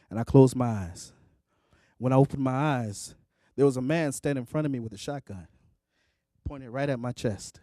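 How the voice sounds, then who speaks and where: A man performing at a concert, telling a vivid story in an emphatic, animated way. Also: medium pitch, dry recording, clean studio sound. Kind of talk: live spoken storytelling and singing. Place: concert stage.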